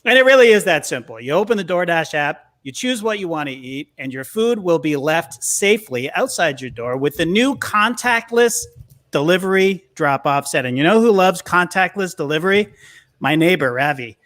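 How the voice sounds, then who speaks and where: A man's voice: fairly high pitch, lively intonation, normal speed, a bit bright. A man co-hosting a podcast, telling a self-mocking story while reading a casual ad. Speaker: podcast co-host. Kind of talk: casual ad read with jokes.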